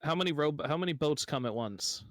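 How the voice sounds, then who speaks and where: A man's voice: a little high, lively intonation, fairly quick, no room sound. Joking male player, dry sound. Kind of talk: tabletop game play.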